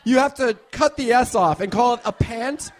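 A man impersonating a sunny, earnest male fashion mentor in a comedy sketch, his voice sitting strikingly high. He hands out absurd advice with complete confidence and a rambling, matter-of-fact delivery. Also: normal speed.

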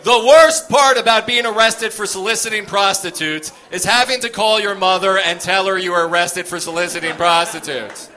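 Male stand-up comic, high bright voice, animated storyteller. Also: normal speed, hardly any pauses. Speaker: stand-up comedian.

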